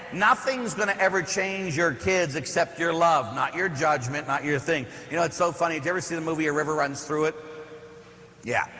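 A parish priest from the Pittsburgh area gives a homily in church as conversational storytelling, with rhetorical questions and asides. His voice is mid-range with a sharp tone, captured in an echoey church hall with faint ambience.

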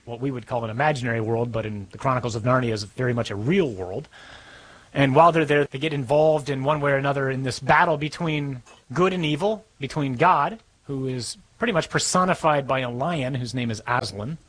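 A man giving a sermon in a conversational, storytelling way, slowing down for dramatic moments. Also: medium pitch, fairly bright tone, rough recording. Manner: conversational preaching, storytelling with slow dramatic pauses.

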